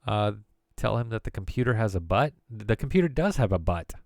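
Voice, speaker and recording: A man's voice: on the low side, lively intonation, a little fast, creaky, darkish tone, dry recording, clean studio sound. A man streaming from his computer at home, chatting casually and rambling into jokes and word games. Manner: rambling and jokey, riffing on words. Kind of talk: casual live-stream chat.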